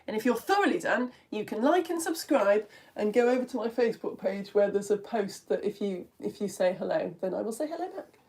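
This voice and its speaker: A young British woman teaching a live online lesson from home, chatty and quick to laugh, with many restarts. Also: mid-range voice, animated, darkish tone, breathy edge. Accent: British English.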